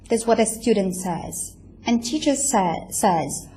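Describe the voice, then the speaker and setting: A woman delivers a recorded university lecture. Her voice sits a little high, and she talks unhurriedly, padding her points with fillers and checking in with her listeners as she goes. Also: expressive, darkish tone. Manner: explains slowly with many fillers, checks with "right?".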